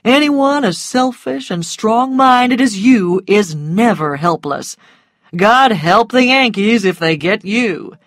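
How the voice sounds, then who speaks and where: A woman voicing a self-assured, mocking grown man in a storybook reading, speaking calmly in a low, quiet murmur. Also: slow, no room sound, studio quality. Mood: teasing. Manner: calm, low and teasing, dropping to a murmur.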